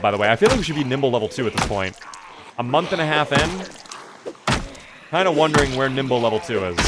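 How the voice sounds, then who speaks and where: Joking young streamer, noisy audio. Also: male voice, mid-range voice. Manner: casual, joking, swears, answers chat aloud. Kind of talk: live gameplay commentary.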